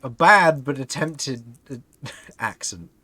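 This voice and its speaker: A man's voice: medium pitch, lively intonation, takes it slowly, pushed and bright, no room sound. Man narrating as game master. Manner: descriptive narration, laughs often.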